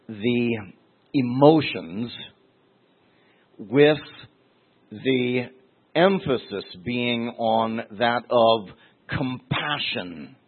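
A middle-aged man pastor preaching a teaching sermon, deliberate, with restarts and asides. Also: mid-range voice. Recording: tinny phone-like sermon recording.

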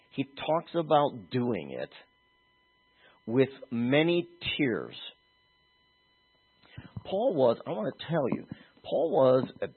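Male preacher with a husky voice, animated delivery from soft to emphatic, thin phone-like recording. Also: medium pitch. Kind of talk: sermon. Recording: tinny phone-like audio.

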